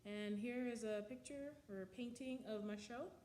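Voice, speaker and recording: An instructor talking through a music lecture, a woman with a slightly high voice who fills her pauses with ums and sings out rhythms to illustrate them. The room sounds echoey, with a faint hiss behind her. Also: dark tone. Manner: explanatory, with frequent ums and sung counting of beats. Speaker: music history teacher. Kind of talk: recorded slide lecture.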